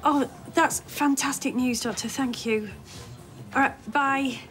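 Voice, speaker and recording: A woman's voice: high-pitched, steady tone, slow pace, a bit bright. A woman in a television soap drama, speaking in an earnest way.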